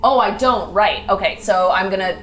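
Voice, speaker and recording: A woman's voice: mid-range voice, normal speed, fairly bright tone, a little hiss or hum. A woman player in a tabletop game, asking practical questions about her character's actions. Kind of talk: casual game talk.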